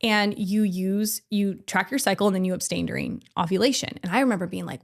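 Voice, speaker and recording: A woman in her thirties chats as a podcast guest. Her voice sits at a medium pitch, and she tells her story in an animated way. She laughs easily and shifts her voice to act out the people she quotes. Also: fairly quick, vocal fry. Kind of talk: casual storytelling.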